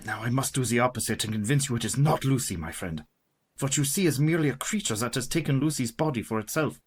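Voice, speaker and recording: A man playing a husky, commanding vampire hunter. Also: mid-range voice, fast, close to an everyday voice. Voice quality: husky, authoritative. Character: commanding elderly vampire hunter, scholarly and resolute. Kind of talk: radio play acting.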